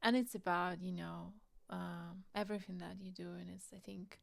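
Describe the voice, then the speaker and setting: A woman co-hosts a casual podcast chat, speaking hesitantly with many fillers and warm compliments. Her voice has a gravelly, fried edge. The sound is close and dry. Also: lowish voice, fairly even intonation, normal speed, no echo. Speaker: podcast co-host, filmmaker.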